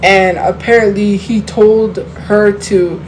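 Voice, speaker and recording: A woman's voice: medium pitch, steady tone, slow pace, darkish tone, poor audio. Woman ranting on her livestream, kinda all over the place, lots of um and like, middle voice, little bit of background noise. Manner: heated, rambling, with many fillers and restarts. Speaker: livestream host. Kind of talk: casual livestream talk to viewers.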